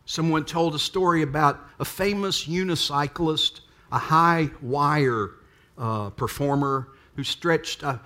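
A man's voice: fairly high pitch, slow pace, pushed and bright. A man preaching a sermon, full of rhetorical questions to the congregation. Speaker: pastor.

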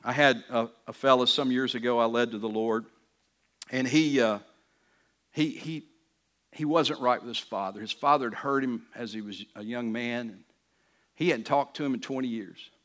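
A man's voice: medium pitch, normal speed, fairly bright tone. A man pastor preaching a sermon in an earnest, conversational way, often restarting phrases and building to emphatic peaks.

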